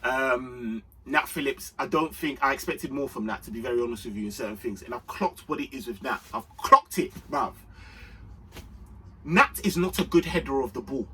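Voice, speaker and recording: Young guy ranting about football, slangy, bright voice, sounds a bit far off. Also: normal speed, a little hiss or hum. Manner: animated London slang, swings between low muttering and shouting. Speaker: football fan vlogger. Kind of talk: excited match reaction.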